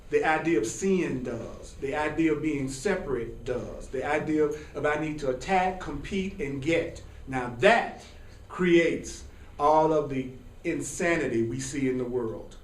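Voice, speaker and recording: A man teaching a live sermon to an audience, animated and repetitive, chuckling as he preaches. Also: fairly high pitch, a little slow. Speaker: spiritual teacher. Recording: echoey hall from far off.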